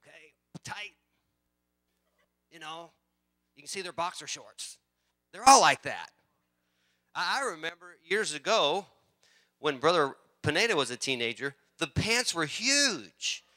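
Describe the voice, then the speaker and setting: Male pastor, bright clear voice, animated sermon storyteller. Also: on the high side, a little slow, pauses often. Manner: animated storytelling, rising excitement.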